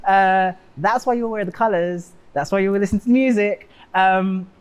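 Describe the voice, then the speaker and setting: Animated British woman wrestler. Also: normal speed, clear, resonant tone. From Britain. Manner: animated, acts out quoted exchanges in a higher voice. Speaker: pro wrestler guest. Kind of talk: casual interview chat.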